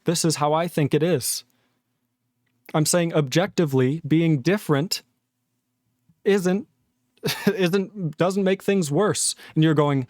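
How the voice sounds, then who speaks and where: Male streamer, slightly high voice, dry close mic, sarcastic and exasperated, swears a lot. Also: dry recording. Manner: exasperated, sarcastic, swears often, mocks others in put-on voices. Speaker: livestreaming programmer. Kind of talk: ranting casual stream talk.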